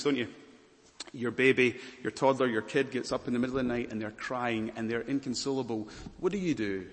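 Man, pastor preaching, mid-pitched voice, long hall reverb. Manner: earnest preaching, rising loud then dropping to soft. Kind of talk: sermon.

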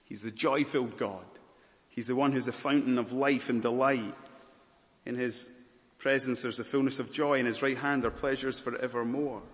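A man preaching a sermon, earnest and expressive, swinging from raised emphasis to quiet softness. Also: mid-range voice, moderate pace. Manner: earnest preaching, rising loud then dropping to soft. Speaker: pastor. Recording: long hall reverb.

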